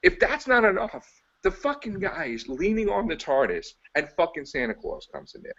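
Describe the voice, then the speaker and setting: A high-voiced man rants with wildly swinging pitch and a gravelly fry. He is a podcast co-host, profane, exasperated and mocking. The audio is dull and lo-fi. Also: sing-song, moderate pace, a bit bright. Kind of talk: ranting casual chat.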